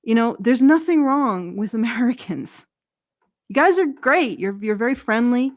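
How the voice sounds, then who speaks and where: A woman's voice: on the high side, expressive, moderate pace, no echo, studio quality. A Canadian woman with a Canadian accent, a regular on a political commentary show, rambling casually and correcting herself as she goes. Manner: rambling, self-correcting, chuckles at own jokes.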